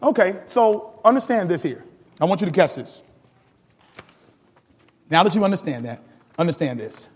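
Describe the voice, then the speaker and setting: A man's voice: high-pitched, big pitch swings, normal speed, long pauses, slightly rough, in a large hall. A man pastor teaching a sermon with call-and-response, laughing often and building to sudden emphatic rises.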